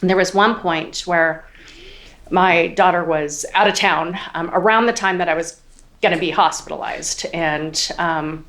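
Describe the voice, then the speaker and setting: A woman in her forties testifies in court as a witness, her lowish voice fairly even, unhurried and a bit bright. She hesitates often, fills gaps with ums, quotes what others said, and at times seems near tears.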